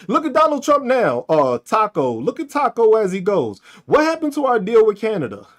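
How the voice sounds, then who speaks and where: A man's voice: high voice, huge pitch swings, brisk, hardly any pauses. A man hosting a podcast, ranting and mocking with heavy profanity and frequent laughter, speaking with features. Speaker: podcast host. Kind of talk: ranting commentary on comments.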